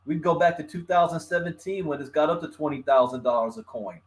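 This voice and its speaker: A man's voice: on the high side, quick pace. Chatty man with a slight lisp. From Los Angeles, California. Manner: chatty, greets viewers by name, chuckles often. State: numb mouth from the dentist, slight lisp. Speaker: host of a live crypto stream. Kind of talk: casual live-stream talk.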